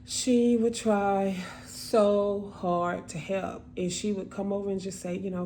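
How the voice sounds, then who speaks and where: Woman, slow talk, emotional personal story, repeats herself, faint background hum. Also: medium pitch, fairly even intonation, dark tone. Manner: emotional, repetitive, halting storytelling. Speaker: vlogger telling a story.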